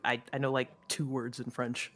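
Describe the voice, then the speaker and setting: A man's voice: mid-range voice, little pitch movement, moderate pace, fairly bright tone, natural voice. An actor playing a friendly young male stagehand who chats eagerly and casually.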